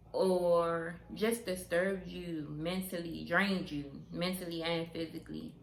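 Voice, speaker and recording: A young woman vlogger chatting candidly to camera, unhurried and frank, repeating her points for emphasis. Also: fairly low pitch. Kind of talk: candid casual chat to camera. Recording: roomy sound with steady background noise.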